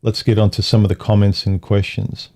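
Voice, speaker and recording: A man's voice: lowish voice, flat delivery, brisk, darkish tone. A man hosting a casual livestream, talking in loose, rambling phrases with frequent restarts. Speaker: livestream host.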